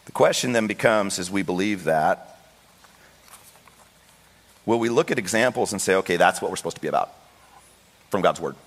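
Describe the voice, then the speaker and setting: Storytelling pastor in a reverberant hall. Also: male voice, sits low, moderate pace, long pauses. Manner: storytelling with lively voiced quotes. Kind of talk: sermon. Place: church sanctuary.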